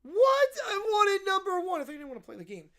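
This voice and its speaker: A man voicing an entitled little boy throwing a whining, yelling tantrum. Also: very high-pitched, wildly swooping pitch, fast talker, voice pushed up, exaggerated voice.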